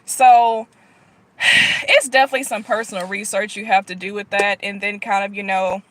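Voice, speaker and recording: A woman vlogging as a Christian prophetess, teaching in a relaxed, conversational way with frequent sighs and fillers. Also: mid-range voice, slight background noise. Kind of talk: casual spontaneous vlog teaching.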